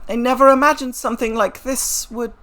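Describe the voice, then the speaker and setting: A woman voicing a poised blind female singer in a fan game dub, speaking slowly and formally. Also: a little high, steady tone, slight background noise, pitched above the performer's own voice, close to an everyday voice. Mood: serene. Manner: slow, soft, formal phrasing.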